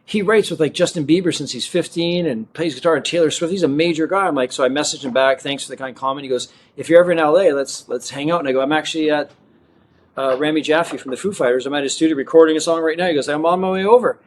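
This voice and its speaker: A man tells a personal story in a relaxed interview, his voice sitting a little higher than most men's. He is animated and acts out the people he quotes, swinging his pitch up and down as the story moves. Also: quick pace, a little hiss or hum. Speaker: magician and guest.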